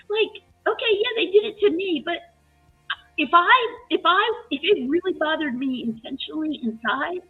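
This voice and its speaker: A woman retelling a work story in casual chat, animated and emotional, with many restarts. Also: very high-pitched, moderate pace. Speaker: live chat guest. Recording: tinny phone-line audio with faint music.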